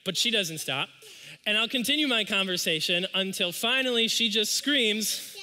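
A man with a high, very bright and forceful voice preaches a sermon in a church. He tells stories in a casual, conversational way, then slows right down on the key points. The long reverb of a large hall carries behind him. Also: animated, a little hiss or hum. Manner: conversational storytelling preaching with dramatic slowdowns. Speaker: pastor.

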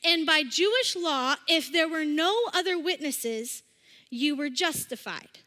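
A woman giving a casual, conversational sermon, acting out scripture scenes in lively voices. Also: high-pitched, unhurried. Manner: chatty, acts out quotes with animated voices. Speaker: speaker at a church service. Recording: long reverb of a hall.

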